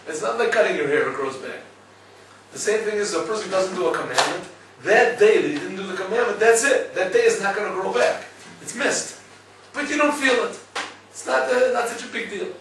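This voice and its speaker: A man's voice: high voice, a little fast, distant mic, faint music behind. Man, Torah class lecture, storytelling, very echoey hall, voice from off-mic. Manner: storytelling, lively, asks listeners "right?". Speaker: rabbi teaching a class.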